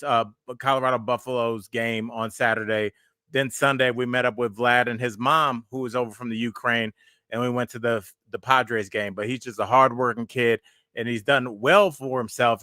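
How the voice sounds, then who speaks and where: A man's voice: mid-range voice, bright, forceful tone, smooth, dry recording, studio quality. A man hosting a podcast in casual chat, talking in a rambling way with lots of fillers as he reads a sponsor plug and asks his guest a question. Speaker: podcast host.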